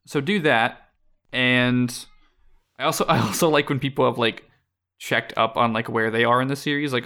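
A man's voice: medium pitch, brisk, vocal fry. A young man co-hosting a casual podcast, rambling through his thoughts with lots of fillers and frequent laughs. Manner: rambling, relaxed, laughs often, many fillers. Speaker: podcast co-host.

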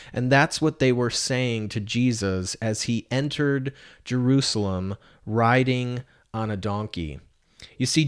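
Male pastor, mid-pitched voice, earnest conversational preaching, rhetorical questions. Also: smooth. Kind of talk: sermon.

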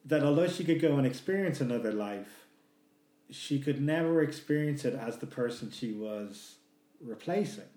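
A man chatting casually about a book, soft-spoken and trailing off at the ends of his thoughts. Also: mid-range voice, expressive, normal speed. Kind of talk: casual chat about books. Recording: echoey room.

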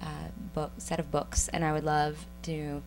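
A woman's voice: low voice, flat delivery, moderate pace, faint music behind, rough recording. A woman guesting as an actress on a podcast, chatting casually, laughing often and hesitating a lot. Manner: laughing, hesitant, self-deprecating. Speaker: guest, actress and comic writer. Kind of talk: casual chat.

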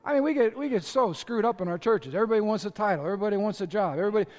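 A male pastor with a strikingly high voice preaches rapid-fire, telling stories with energy and addressing the people in front of him directly. The sound echoes through a big hall, trailing a long reverb.

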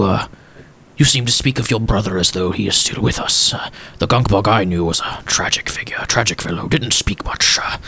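A man voicing a weary, tearful old gentleman who speaks formally and haltingly, often sinking into a whisper. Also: lowish voice, husky, heavily acted. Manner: courtly and halting, drifting into whispers.

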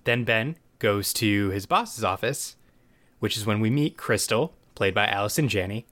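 A man's voice: lowish voice, lively intonation, normal speed, fairly bright tone. A man in casual podcast chat, loosely retelling a TV episode with restarts and asides. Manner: loose, rambling storyteller with restarts. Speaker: podcast co-host.

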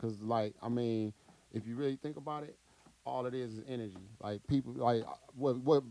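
A man's voice: mid-range voice, normal speed, warm tone, no room sound. A man in casual podcast chat, musing in a laid-back way.

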